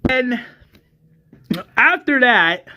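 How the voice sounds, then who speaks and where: A man giving a casual, exasperated movie review, animated and full of restarts and hesitations. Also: extremely high pitch, extremely slow, dull audio.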